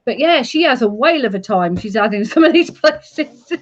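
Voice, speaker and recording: Woman, blunt, animated, laughs a lot, muffled lo-fi audio. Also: on the high side, normal speed. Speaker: urban explorer, live chat co-host. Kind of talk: casual live chat.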